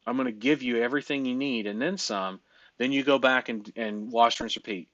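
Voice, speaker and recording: A man's voice: mid-range voice, a little fast, fairly bright tone, no room sound, dull audio. A man coaching on a casual group call, emphatic and loose-talking, swearing and laughing often.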